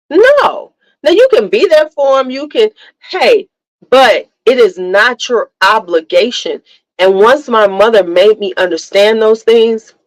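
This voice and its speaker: Here a middle-aged woman with a lowish voice hosts a casual motivational talk, candid and forceful in her storytelling, repeating herself for stress. It's a dry, low-quality recording.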